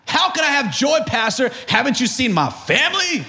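A man's voice: very high-pitched, sing-song, moderate pace, sharp tone, pitched above the performer's own voice, heavily acted. A man putting on the voice of a grumbling churchgoer who lists his troubles in a pleading, half-sung way. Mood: complaining.

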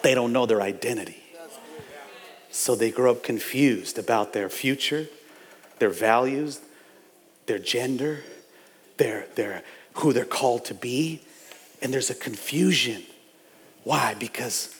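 A man preaching a fiery sermon as pastor in a church, building up to shouts and repeating his phrases. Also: mid-range voice, measured pace, long pauses, long reverb tail. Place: church sanctuary.

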